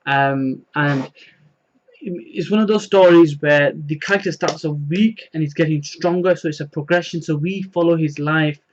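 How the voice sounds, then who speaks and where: A man's voice: on the high side, moderate pace, muffled recording. A man casually recapping a manga chapter, rambling with many fillers and retelling the dialogue. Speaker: manga reviewer.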